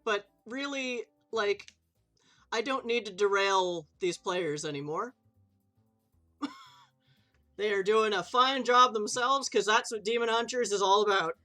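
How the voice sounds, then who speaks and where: A woman's voice: mid-range voice, a little slow, pauses often, pushed and bright, faint music behind. A woman running a tabletop game on a live stream, chatty and loose, swearing casually and laughing easily. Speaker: game master.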